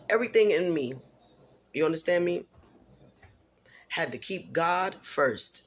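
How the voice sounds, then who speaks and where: A woman's voice: deep voice, lively intonation, measured pace, long pauses, breathy edge. A middle-aged single mother venting in a personal vlog, blunt and emphatic, repeating herself for stress.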